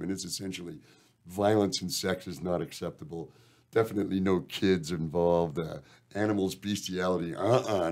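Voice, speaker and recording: A man's voice: low-pitched, darkish tone. A Canadian man, a band member guest on a radio show, telling long rambling stories with lots of swearing and "eh". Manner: rambling, profane, uses "eh". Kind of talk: casual storytelling interview.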